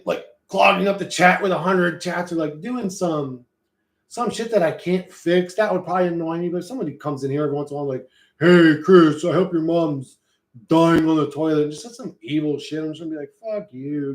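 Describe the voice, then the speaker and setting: A man streaming live, chatting loosely with his viewers in a rambling, profane, slangy way. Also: on the high side. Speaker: streamer reading and answering chat. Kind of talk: casual livestream chat. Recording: roomy echo.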